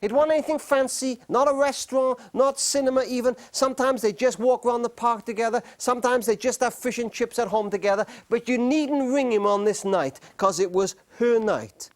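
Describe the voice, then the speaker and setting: Earnest and deliberate, a middle-aged man with a notably high voice gives a storytelling talk on marriage to a live audience. He slows on key words and leaves emphatic pauses so they carry weight.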